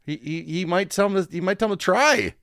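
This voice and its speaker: A man's voice: sits high, expressive, fairly quick, a bit bright, no echo, studio quality. A man co-hosting a casual political chat, blunt and profane, with emphatic opinions. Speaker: podcast co-host.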